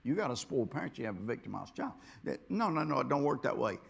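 A man preaching a sermon, rambling and repeating himself, dropping to quiet asides and then rising to loud exhortation. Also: medium pitch, sing-song, fast talker, creaky, breathy edge. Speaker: pastor.

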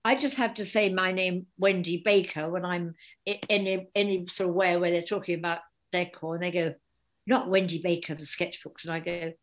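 An older woman, a guest author chatting in an interview, an animated storyteller who acts out the voices of people she quotes. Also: lowish voice, a little fast. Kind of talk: casual interview chat.

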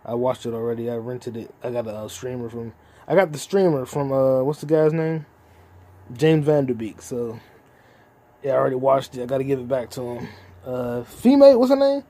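Rambling profane young podcast host. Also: male voice, medium pitch, lively intonation, fairly quick, warm tone. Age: 20s. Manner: rambling, profane, free-associating. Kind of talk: casual solo podcast chat.

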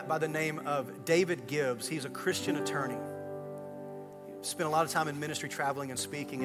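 Male pastor, sermon storyteller, slightly high voice, music bed underneath. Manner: storytelling, swings from hushed to loud excited retelling.

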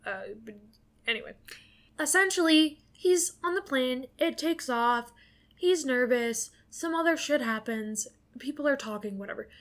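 Woman podcast co-host, higher register, rambling casual recapper, curses freely. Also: a bit bright. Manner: rambling, filler-heavy, swears freely. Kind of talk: casual movie recap chat.

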